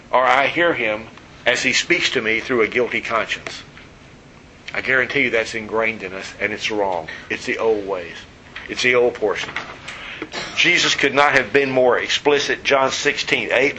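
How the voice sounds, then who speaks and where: A man's voice: mid-range voice, a little hiss or hum, low-quality recording. A man preaching a sermon in a conversational, teasing way, asking the congregation questions. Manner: conversational, teasing, animated storytelling. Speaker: pastor.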